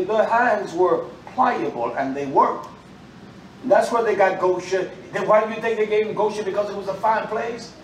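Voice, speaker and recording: A man preaching a sermon to a congregation in a loose, animated street style, with sudden loud outbursts and asides. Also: sits high, slight background noise. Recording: roomy echo, mic far off, faint ambience.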